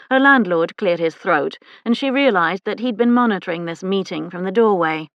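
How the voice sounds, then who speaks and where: An audiobook narrator reads a historical romance novel aloud in a measured, even storytelling manner. Her voice sits in the mid range, with no room sound and the highs cut off, in scripted narration.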